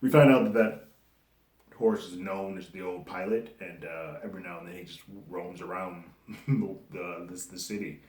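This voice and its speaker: A man's voice: deep voice, moderate pace, a little mellow. A man giving a loose, conversational recap of a TV episode, chuckling now and then as he talks it through. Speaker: movie and TV reviewer. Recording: roomy echo.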